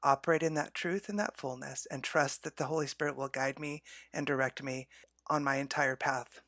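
A woman's voice: a bass voice, fairly even intonation, normal speed, a bit bright, dry recording, clean studio sound. A woman co-hosting a faith podcast, telling a personal story in an earnest, heartfelt way.

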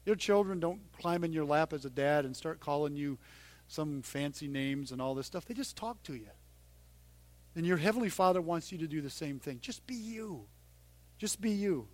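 A middle-aged man preaching a sermon in a conversational way, dropping to a hush and then rising loud and emphatic. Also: a little high, moderate pace, dry recording. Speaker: pastor.

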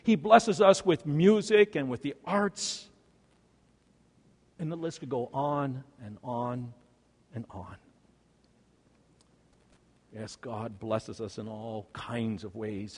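A man preaching a sermon as a pastor. He swings between loud, slow, emphatic peaks and quiet, low endings. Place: church sanctuary. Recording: long hall reverb.

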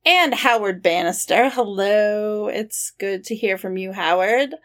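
A woman's voice: medium pitch, a little slow, a bit bright. Female podcast co-host, friendly, reads listener comments and reacts.

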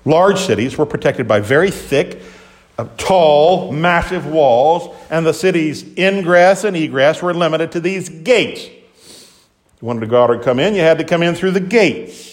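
A man preaching a sermon with dramatic swings between loud exclamations and hushed asides, acting out the voices of biblical characters. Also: on the high side, expressive, unhurried.

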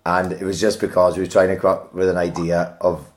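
Sweary man with a low voice. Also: flat delivery, a little fast. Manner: sweary, laughing banter. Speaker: podcast co-host. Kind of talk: casual chat.

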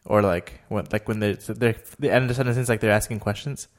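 Man with a Valley accent, low voice, halting but blunt casual chat. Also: fairly even intonation. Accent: South Texas Valley. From Rio Grande Valley, Texas. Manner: hesitant, restarting, opinionated talk.

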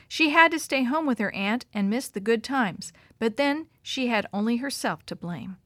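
A woman storyteller with a medium-pitched voice reads a children's story aloud, expressive and animated. The recording is dry.

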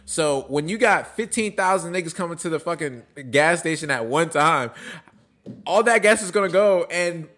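A man's voice: a little high, lively intonation, normal speed, fairly bright tone. A man co-hosting a podcast, telling stories in loose, profane casual chat. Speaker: podcast co-host.

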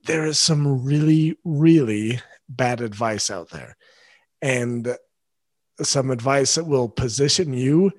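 A man talks earnestly straight to his listeners as the host of a solo parenting podcast. His voice sits at an ordinary middle pitch. The recording is dry and close, with no room sound. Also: a little mellow, dry recording. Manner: earnest, speaks directly to listeners. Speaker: father.

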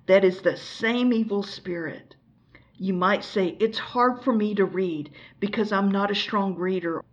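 A woman's voice: mid-range voice, measured pace, lo-fi sound. A woman from the United States giving an earnest, exhorting sermon and asking the listener pointed questions. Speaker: preacher. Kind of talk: recorded teaching sermon.

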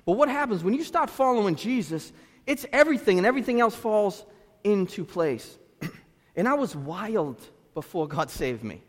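A man in his thirties from Lynn, Massachusetts, with a Boston-area accent, preaching a sermon as a pastor through animated storytelling with street slang. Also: sits high, moderate pace. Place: church sanctuary. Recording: reverberant church hall.

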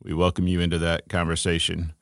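A man co-hosting a casual faith podcast, thinking aloud with relaxed fillers and restarts. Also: low voice, brisk, vocal fry, no echo, studio quality. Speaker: podcast co-host.

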